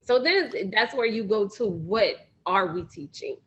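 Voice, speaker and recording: A woman's voice: mid-range voice, measured pace, breathy edge, poor audio. A woman speaking as a podcast guest, telling stories casually and acting out the conversations she recounts. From United States. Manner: animated storytelling, acts out quoted exchanges. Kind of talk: casual interview chat.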